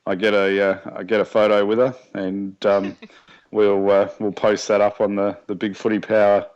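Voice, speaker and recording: A man's voice: lowish voice, flat delivery, normal speed, a little mellow. An Australian man co-hosting a sports podcast, with an easygoing, jokey way of talking. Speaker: podcast co-host. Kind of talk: casual sports chat. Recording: dull lo-fi recording.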